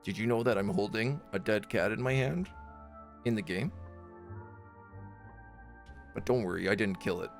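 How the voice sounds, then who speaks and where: Low gravelly man reading game text. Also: soft background music. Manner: measured storytelling reading, softer chatty asides to his cat. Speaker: streamer and game narrator. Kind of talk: reading game text aloud, casual chat.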